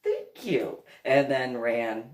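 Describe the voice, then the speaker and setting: Woman vlogger from New Jersey, slow and animated, laughs a lot, echoey room. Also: extremely low pitch. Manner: rambling storytelling, laughing often. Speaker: vlogger, reverend. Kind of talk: casual monologue. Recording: roomy echo.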